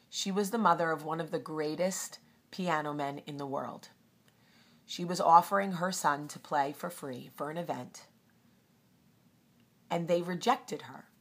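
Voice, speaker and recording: A woman's voice: sits low, fairly bright tone, husky. A woman hosting a casual storytelling vlog, chatty with frequent ums. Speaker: host.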